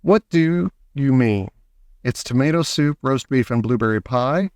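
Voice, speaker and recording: A man voicing a pushy, demanding gum-chewing girl who talks loudly and brattily. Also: mid-range voice, lively intonation, unhurried, no room sound, studio quality. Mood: bratty.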